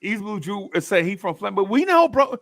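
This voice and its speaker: A man hosting a casual live stream, reading viewer comments and telling stories in a slangy, laughing, animated way. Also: high voice, normal speed, no echo.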